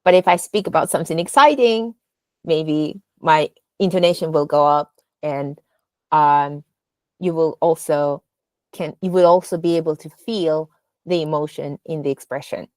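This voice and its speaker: A woman's voice: sits low, no room sound. A woman leading a speech workshop, explaining intonation and acting out example sentences with exaggerated rises. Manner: halting, with many fillers and restarts. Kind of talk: spoken lesson on intonation.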